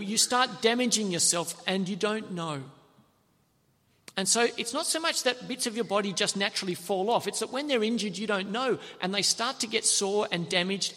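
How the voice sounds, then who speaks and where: In a large hall with long reverb, a man with a high, bright voice delivers a sermon. His style is lively and animated storytelling, and he briefly acts out the characters' lines.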